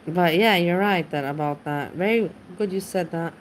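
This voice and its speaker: A woman's voice: lowish voice, normal speed, slight background noise. A woman chatting casually on her livestream, rambling and greeting viewers in chat by name. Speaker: livestream host. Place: home.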